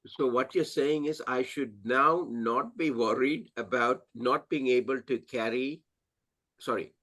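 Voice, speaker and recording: A man hosting a casual chat, expressive and quick to joke and ask questions. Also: medium pitch, dry recording. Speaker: host.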